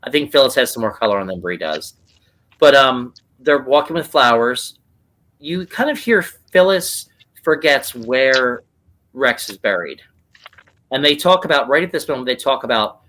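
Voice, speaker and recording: A man with a bright, forceful voice co-hosts a casual recap podcast. He walks through scenes step by step and slips into quoting the characters' lines as he goes. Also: mid-range voice, expressive, normal speed. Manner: retells scenes, acting out lines in quotes. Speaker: podcast co-host.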